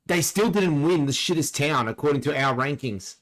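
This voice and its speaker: Wry joking man with a higher voice. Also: normal speed, fairly bright tone, poor audio. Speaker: podcast co-host. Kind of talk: casual podcast chat.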